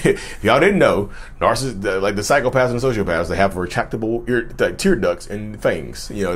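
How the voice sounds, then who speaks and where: A man giving casual talk-to-camera commentary on mental health, speaking straight to his viewers and often repeating and restarting his phrases. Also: on the low side.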